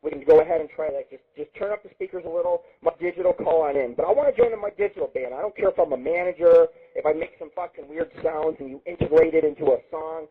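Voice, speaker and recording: A man hosting an internet radio show, telling crude rambling stories in a profane, excitable monologue. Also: fairly high pitch, fast talker, hardly any pauses. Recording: husky lo-fi phone-line sound.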